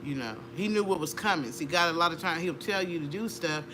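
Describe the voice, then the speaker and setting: A middle-aged woman, an interview guest, telling a personal story with animated energy, laughing and acting out voices. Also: on the low side, brisk, noisy background. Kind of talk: conversational storytelling.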